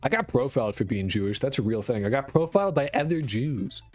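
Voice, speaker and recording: Soft background music plays as a very animated man talks fairly quickly in a medium pitch. Hailing from rural Connecticut with a New York, Boston and Connecticut accent mix, he rambles profanely and self-deprecatingly while casually chatting on a game dev live stream.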